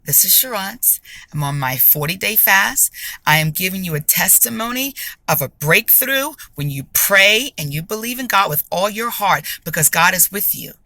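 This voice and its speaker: A woman giving a spoken faith testimony, emphatic and deliberate, repeating phrases for stress. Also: medium pitch, bright, forceful tone, dry recording. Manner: slow and deliberate.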